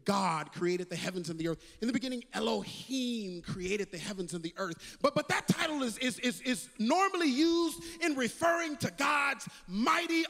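A man preaching a sermon as pastor, repeating words as he builds and swinging from loud calls to hushed quotes. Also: extremely high pitch, gravelly, long reverb tail.

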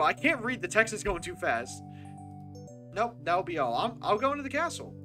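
A game streamer giving casual live commentary, excitable and swearing freely, swinging between loud outbursts and hushed asides. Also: mid-range voice, normal speed, music in the background.

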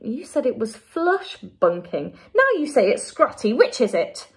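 A woman's voice: sing-song, unhurried. A woman with an English accent voicing a curious, polite young girl who asks question after question in a raised, questioning voice, in a storybook reading. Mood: puzzled. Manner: high, questioning, bright.

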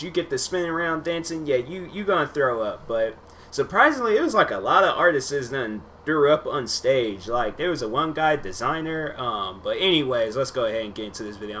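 A man's voice: a little high, sharp tone, a little hiss or hum. A young man in his twenties, a YouTuber chatting loosely and rambling through reactions to his own old videos, full of slang and fillers. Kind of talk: casual rambling commentary.

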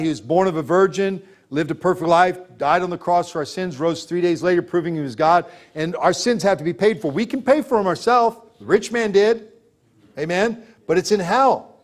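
A man preaching a sermon as pastor, emphatic and full of rhetorical questions, laughing as he tells stories. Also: sits high.

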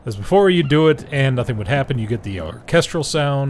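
A young man casually commenting on his own gameplay, joking, talking to the game's characters and yelling when startled. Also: medium pitch, big pitch swings, fast, slight background noise. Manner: chatty, jokey, talks to the game's characters; reacts loudly and shrieks when startled. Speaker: gaming video host. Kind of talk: casual let's-play commentary.

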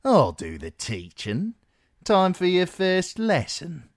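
A man's voice: sits high, wildly swooping pitch, slow pace, dry recording, clean studio sound, pitched above the performer's own voice, full character voice. A male reader voicing a cocky young guardsman who talks in a smug, leering way.

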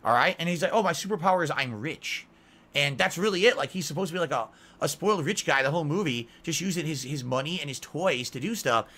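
A man's voice: a little high, animated, fast talker, hardly any pauses, sharp tone. A man giving a rambling, unscripted movie review, repeating himself as he goes. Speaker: video reviewer.

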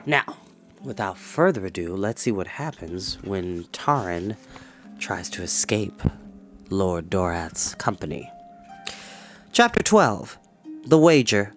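A man hosting a storytime, reading a novel aloud in an expressive, unhurried way with small asides. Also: medium pitch, soft background music. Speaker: storyteller host.

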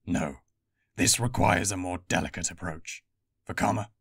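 A man voicing a gruff, stubborn male stone warrior who talks bluntly and sarcastically. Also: deep voice, moderate pace, a bit bright, no echo, clean studio sound, exaggerated voice. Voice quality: gravelly, husky.

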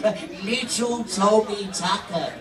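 Man doing a gentle male puppet hippo, soft, giggly, drawn-out speech, heard from far off. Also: high-pitched, pitched below the performer's own voice. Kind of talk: comic impression in live stand-up. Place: holiday park stage, live audience. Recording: echoey room, from far off, crowd.

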